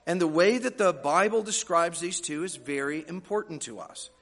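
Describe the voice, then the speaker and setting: A man's voice: a little high, lively intonation, moderate pace, fairly bright tone. A male pastor preaching a sermon, explaining scripture with folksy joking asides to the congregation. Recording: long hall reverb.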